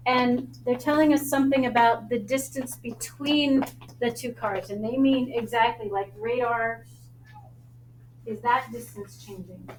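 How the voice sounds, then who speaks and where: Brisk, joking math teacher, woman, Long Island accent; roomy classroom sound with faint noise. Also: a little high, fairly even intonation. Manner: brisk, joking, quizzes students.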